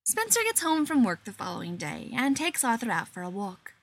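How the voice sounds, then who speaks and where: A woman narrating a short story in an unhurried, expressive way. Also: on the high side, no room sound.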